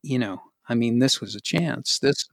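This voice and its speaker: A male actor in casual chat who tells stories in a halting, wry way. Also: mid-range voice, expressive, creaky, a bit bright, dry recording, clean studio sound.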